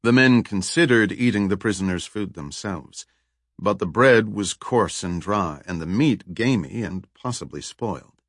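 A man narrating a thriller audiobook in a steady, even reading. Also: lowish voice, measured pace, no echo, studio quality.

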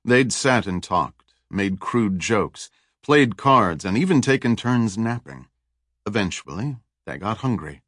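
A man narrating a thriller audiobook in a steady, even reading. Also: on the low side, unhurried, no room sound, studio quality.

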